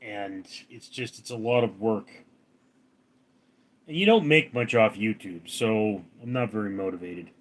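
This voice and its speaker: This is a man from Los Angeles, California, hosting a relaxed late-night stream outside, drifting from topic to topic while reading and replying to viewer comments. His voice sits on the low side, animated yet measured in pace.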